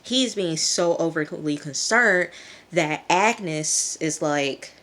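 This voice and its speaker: A woman's voice: lowish voice, normal speed, fairly bright tone. A woman reviewing a TV episode in a casual vlog, chatty and loose, acting out characters' lines in a raised voice.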